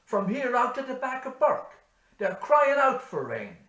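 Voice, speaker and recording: A man voicing a gloomy old Irish farmer with a Cork accent, who laments in a high, loud, forlorn wail. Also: huge pitch swings, a little slow, exaggerated voice. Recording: echoey room.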